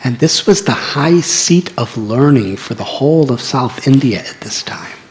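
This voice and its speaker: A man's voice: medium pitch, lively intonation, a little slow, darkish tone. A man, telling a story in a sermon with dramatic swells. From United States. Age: 60s. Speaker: monk preacher.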